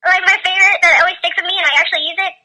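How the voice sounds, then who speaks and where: Very high, bright-voiced hesitant young woman. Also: fairly even intonation, low-quality recording. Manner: hesitant, halting answers. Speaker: interviewee. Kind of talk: casual interview answers.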